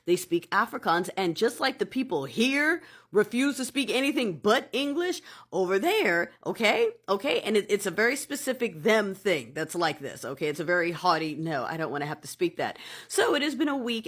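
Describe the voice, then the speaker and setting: A woman's voice: medium pitch, a bit bright. A woman giving casual vlog commentary in a sassy, sarcastic way, calling the viewer darling.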